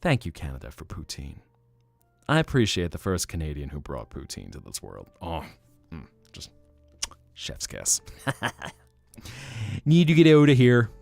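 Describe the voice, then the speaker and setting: A man hosting a relaxed live stream, chatting with viewers in a soft-spoken, musing way. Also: deep voice, measured pace, vocal fry, pauses often, dry recording, faint music behind. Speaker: livestream host.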